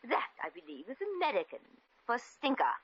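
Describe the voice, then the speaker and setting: A woman's voice: fairly high pitch, very animated, fairly quick, slightly rough. An actress playing a haughty, jealous society woman from London in a 1950s radio drama, with a cutting, condescending manner. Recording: dull old radio recording.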